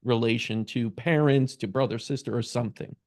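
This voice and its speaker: A man hosting an interview, asking questions and reflecting in a measured, deliberate way. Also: medium pitch, darkish tone. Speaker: host.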